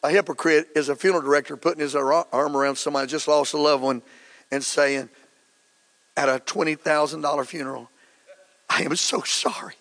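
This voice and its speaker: A middle-aged man preaching a sermon as pastor, fervent and building to shouts. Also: on the high side, steady tone, fast. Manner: fervent, rising to shouts, acts out quotes.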